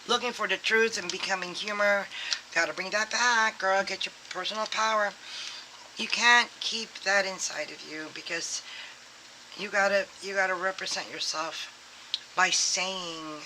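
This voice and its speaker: Very bright-voiced rambling tarot reader. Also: medium pitch, slight background noise, poor audio. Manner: rambling and filler-heavy, acts out quoted thoughts. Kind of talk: casual spoken tarot reading.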